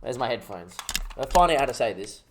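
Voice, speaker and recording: A young man hosting his gaming channel, chatting casually and jokily as he thinks out loud over gameplay. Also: medium pitch, very animated, fast talker, slight background noise. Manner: rambling, jokey, thinks aloud while playing.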